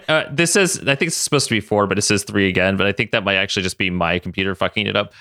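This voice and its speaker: A man's voice: on the low side, fast talker, bright, forceful tone, no echo, studio quality. A young man co-hosting a podcast, chatting casually and laughing often as he reads listener mail. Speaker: podcast co-host. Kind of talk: casual chat.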